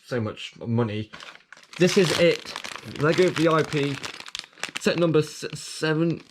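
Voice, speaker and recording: A man talking through a casual unboxing vlog at a middling pitch, hesitant and rambling with plenty of ums and false starts. He sounds like he is still getting over a cough. Faint crinkling of packaging and clicks sit behind him. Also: slight background noise. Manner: rambling, hesitant, many fillers and restarts. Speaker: vlogger.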